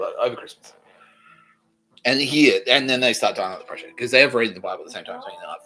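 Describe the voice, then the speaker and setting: A man hosting a podcast, rambling through a profane monologue that swings from low mutters to loud outbursts. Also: quick pace, rough recording. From Australia. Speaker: podcast host.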